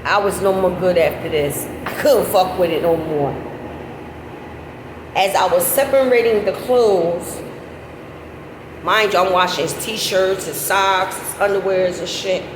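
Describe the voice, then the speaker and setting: A middle-aged woman tells a story in a loose, animated way, swearing freely and jumping up into high laughter. The recording is echoey, with loud background noise and what sounds like passing vehicles. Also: a little slow. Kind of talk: casual storytelling.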